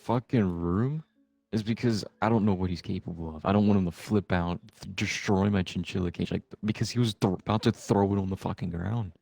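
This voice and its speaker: A man's voice: low voice, brisk, vocal fry, a little mellow, no room sound. A young man chatting casually while gaming, telling a long rambling story full of swearing. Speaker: gamer recording with a friend.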